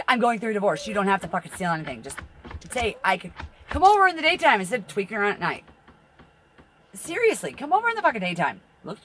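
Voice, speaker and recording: A woman's voice: fairly low pitch, fairly bright tone, a little hiss or hum. A middle-aged woman who reads tarot, talking in a rambling, blunt, profane monologue and laughing through her stories. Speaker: tarot reader.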